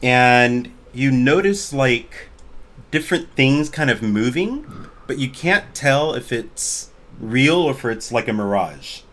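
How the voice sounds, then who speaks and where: A man's voice: medium pitch, expressive, slow, a bit bright. A man running a tabletop game over a voice call, narrating casually with lots of filler words. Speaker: game master. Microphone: computer mic on a voice call.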